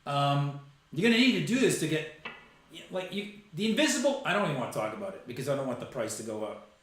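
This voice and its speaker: A man's voice: fairly high pitch, sing-song, quick pace, very echoey, low-quality recording. A man hosting a live stream, rambling through a loose, joking monologue and laughing at his own jokes.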